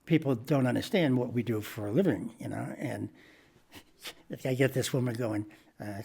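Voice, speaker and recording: A man's voice: mid-range voice, moderate pace, creaky, husky. An older man, a comedian guest, telling anecdotes in a podcast interview and acting out the people in them. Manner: animated anecdote teller who acts out voices.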